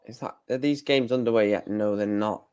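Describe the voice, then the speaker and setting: A man's voice: fairly low pitch, a little fast, darkish tone, smooth. A man hosting a live stream, chatting casually and correcting himself as he goes. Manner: chatty, thinking aloud, self-correcting.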